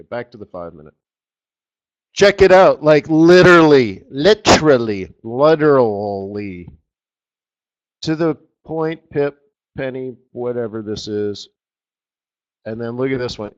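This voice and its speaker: A man hosting a live trading webinar, talking over his charts with excited outbursts and trailing murmurs. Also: medium pitch, moderate pace, long pauses, lo-fi sound. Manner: excitable, exclamatory, trails off while fiddling with charts. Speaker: forex market strategist hosting a live webinar.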